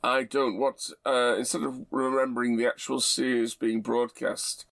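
A middle-aged man, talking in an easy, wry, unhurried way. His voice has a gravelly fry to it. The sound is close and dry. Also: mid-range voice, little pitch movement, fairly bright tone, no room sound. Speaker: podcast co-host. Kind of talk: casual chat.

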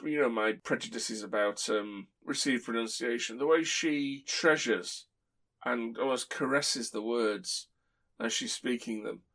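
In a relaxed podcast chat, the male host wanders through his stories with frequent chuckles. He speaks unhurriedly in a medium-pitched, slightly bright voice.

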